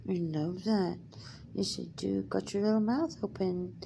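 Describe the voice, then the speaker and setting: A woman's voice: medium pitch, fairly even intonation, unhurried, creaky, dark tone, a little hiss or hum. A woman talking baby talk to her pet cat at home, cooing in a sing-song way. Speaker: cat owner.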